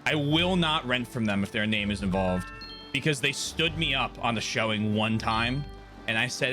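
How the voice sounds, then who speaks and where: A man's voice: mid-range voice, normal speed, music in the background. A man in his twenties chatting casually on a live game stream, telling stories with lots of swearing and laughter. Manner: animated storyteller, swears and laughs often.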